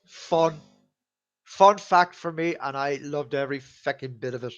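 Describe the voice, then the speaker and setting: A man's voice: on the high side, measured pace, a bit bright, faint music behind. A man hosting a live stream, telling stories casually, swearing freely and laughing at his own tales in front of a camera. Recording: slightly dull lo-fi sound.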